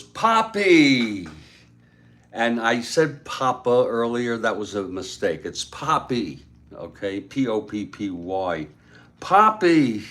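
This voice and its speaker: A man casually retelling a story aloud, unhurried, with frequent fillers and asides. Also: low-pitched.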